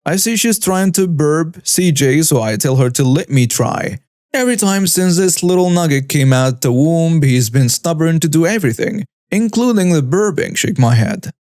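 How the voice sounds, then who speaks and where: A man reading a first-person story aloud in a steady, scripted narration. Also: fairly high pitch, moderate pace, dry recording, clean studio sound.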